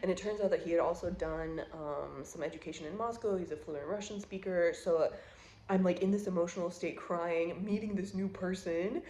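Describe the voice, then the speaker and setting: A woman's voice: lowish voice, fairly even intonation, normal speed, mellow, a little hiss or hum. Chatty woman in her thirties, roomy echo. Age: 30s. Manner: chatty, emotional, heavy use of "like". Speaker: vlogger. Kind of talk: casual storytelling to camera.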